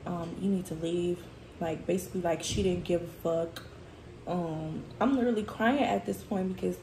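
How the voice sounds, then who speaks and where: A woman's voice: on the low side, vocal fry, a little mellow, echoey room, a little hiss or hum. A woman speaking who vents about work in a heated, profane storytime chat, tearful at times. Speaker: food vlogger.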